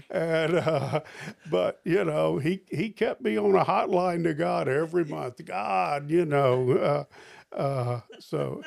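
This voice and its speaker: An older man, a pastor, telling stories in an interview, lively and jumping high in pitch when he quotes people. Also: vocal fry, no room sound. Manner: animated storyteller, jumps high for quoted lines. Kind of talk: storytelling interview.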